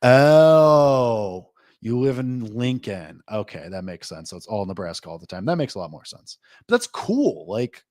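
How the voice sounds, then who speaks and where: A man hosting a live sports betting reaction show, talking loosely and rambling, full of "like", with excitable jumps and low asides. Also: moderate pace, no room sound. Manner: rambling, loose, heavy use of "like"; excitable swings between lively and low asides. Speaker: host.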